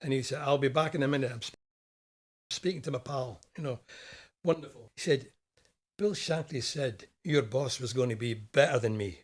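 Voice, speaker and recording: A man's voice: medium pitch, moderate pace. An older man from Scotland, a former footballer, recalling stories in an easygoing, chatty way as a podcast guest. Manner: easygoing, anecdotal recollection. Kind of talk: casual interview chat.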